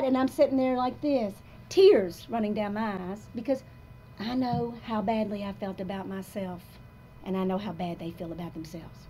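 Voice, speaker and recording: A woman of about sixty gives a live motivational talk to an audience in a coffee shop, speaking at normal speed in a mid-range voice. She is emphatic and confessional, her volume swinging between soft and loud.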